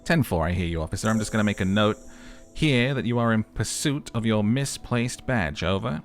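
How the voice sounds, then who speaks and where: Radio dispatcher , man voicing, formal, by the book, low voice. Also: expressive, brisk, soft background music. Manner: formal radio procedure talk. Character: male police radio dispatcher, polite and by-the-book.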